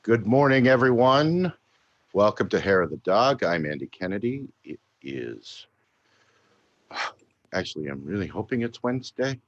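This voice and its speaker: A man's voice: lowish voice, very animated, a little slow, dry recording, highs cut off. A tired Canadian man hosting a casual show, grumpy and dry, swearing now and then. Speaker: podcast host. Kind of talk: casual chat.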